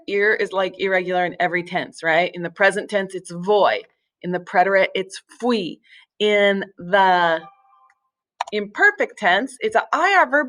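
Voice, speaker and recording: A woman's voice: mid-range voice, a bit bright. A woman teaching a recorded language lesson, explaining step by step with patience, small slips and fillers. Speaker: Spanish teacher. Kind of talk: recorded screen-share lesson.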